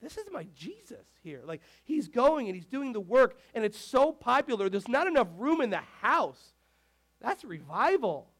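A man preaching a casual, animated sermon, peppering his speech with "like". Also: extremely high pitch, moderate pace. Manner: animated, filler-heavy with frequent "like"; talks to the tech crew mid-sermon. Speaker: pastor.

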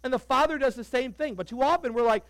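A man preaching a sermon as pastor, animated and conversational, joking with the congregation. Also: very high-pitched, quick pace, no echo, poor audio.

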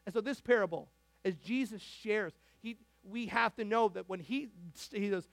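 A man preaching a sermon as a pastor, animated and conversational, with frequent asides and restarts. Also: sits high, normal speed, gravelly, no echo. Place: church sanctuary.

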